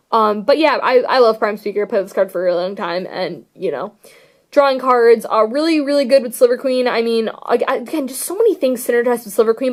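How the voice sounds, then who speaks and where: A young woman talks through her card deck in a loose, rambling vlog. Her voice sits a little high, and she gushes over favorite cards with plenty of fillers. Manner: gushing, rambling, filler-heavy. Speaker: card game vlogger. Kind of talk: casual deck tech chat.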